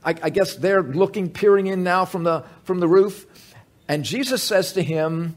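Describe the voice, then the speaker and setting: A man's voice: high voice, normal speed. A man teaching from the Bible in a sermon. He retells a story with emphasis and asks the listeners questions.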